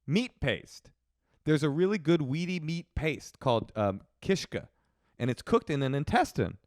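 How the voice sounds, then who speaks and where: A man co-hosting a comedy podcast in a casual, joking way, with bursts of mock outrage. His pitch swings widely as he riffs. The sound is dry and close, with no room in it. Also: sing-song, a little slow, darkish tone, no echo. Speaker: podcast co-host.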